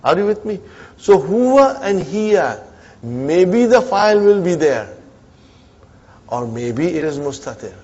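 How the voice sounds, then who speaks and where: A man's voice: high-pitched, very animated, slow pace, long pauses, a little mellow, lo-fi sound. Man teaching Arabic grammar to a class. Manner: drills students with frequent "huh?" and repetition; mixes Arabic phrases into English teaching. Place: community centre classroom.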